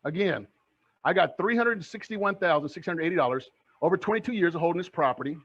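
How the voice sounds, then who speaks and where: A middle-aged man giving an energetic motivational talk on real estate investing, asking his audience rhetorical questions. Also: high-pitched, quick pace, dull audio. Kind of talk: motivational online presentation.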